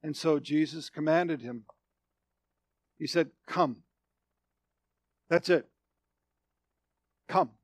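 A male pastor delivers a sermon in a high voice with an unhurried pace. He swings from loud proclamations to quiet, low phrases and keeps repeating his words for weight. The sound is close and dry, with no room echo. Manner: emphatic preaching that swings between loud declarations and hushed, low phrases; repeats and restates phrases for emphasis.

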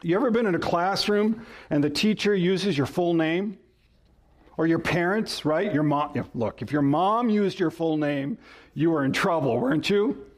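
A man's voice: fairly high pitch, lively intonation, moderate pace. A male pastor preaching a sermon, rising and falling sharply for emphasis and asking the congregation questions.

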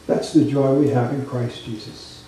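A male pastor preaching a sermon, telling stories in an animated, conversational way with quick asides to the congregation. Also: medium pitch, a little hiss or hum. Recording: echoey room, voice from a distance.

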